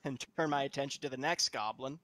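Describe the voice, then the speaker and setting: A man's voice: medium pitch, fast talker, crowd noise. A man playing a tabletop game, chatting casually and enthusiastically about his moves. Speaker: player.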